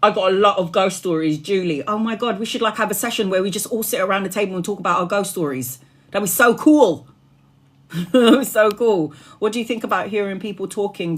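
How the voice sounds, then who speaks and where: Chatty swearing woman on a live stream. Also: mid-range voice. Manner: chatty and animated, laughs often, swears freely. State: tired after hours live. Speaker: tarot reader streaming live. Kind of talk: casual live-stream chat.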